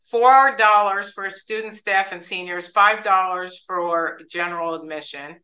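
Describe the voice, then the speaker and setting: Podcast host, woman, upbeat chatty delivery, bright tone. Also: mid-range voice, unhurried, low-quality recording. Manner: chatty, upbeat, stumbles over names. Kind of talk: casual interview.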